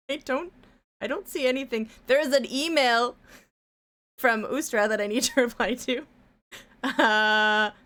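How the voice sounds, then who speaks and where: A woman's voice: a little high, a bit bright. A woman live-streaming her art, chatting casually and rambling, with some casual swearing and humming to herself as she draws. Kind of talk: casual chat while drawing on stream.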